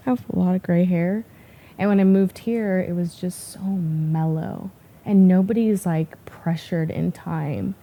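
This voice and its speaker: A woman's voice: lowish voice, fairly even intonation, unhurried, dark tone. A woman in her forties, a hairstylist guest, telling stories in casual podcast chat and swearing freely. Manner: chatty, swears casually, storytelling.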